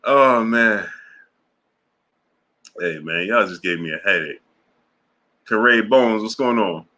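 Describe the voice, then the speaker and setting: Laughing man reading his live chat. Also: on the low side. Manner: laughing hard, drawn-out exclamations; animated, playful voice for quoted chat lines. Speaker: boxing livestream host. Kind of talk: casual livestream chat reading super chats.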